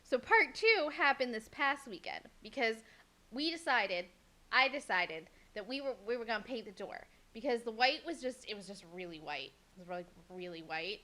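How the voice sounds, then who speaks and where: A young woman co-hosting a podcast, telling a story in a casual, animated way, swearing freely and acting out what people said. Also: a little high, normal speed. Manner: animated, swears a lot, acts out quotes. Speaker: podcast co-host.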